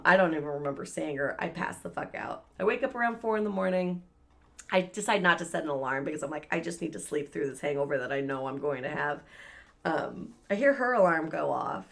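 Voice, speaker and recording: Woman ranting thru a story on a podcast, swears constantly, does everyone's voices, bit of vocal fry. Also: on the low side. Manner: profane, animated, acts out quoted voices. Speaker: podcast co-host. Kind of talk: casual storytelling chat.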